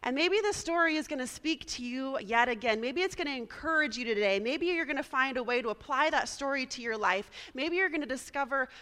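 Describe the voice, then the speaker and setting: Woman pastor, chatty sermon, slightly high voice, bright tone, echoing hall. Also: lively intonation, clean tone. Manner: warm, chatty, spells words out slowly. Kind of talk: casual sermon.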